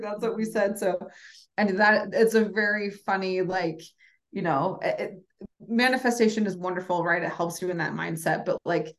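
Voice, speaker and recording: Woman guest on a podcast, lower voice, animated, lots of "like"s, acts out quotes. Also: normal speed. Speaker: podcast guest, lingerie brand founder. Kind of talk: casual storytelling interview.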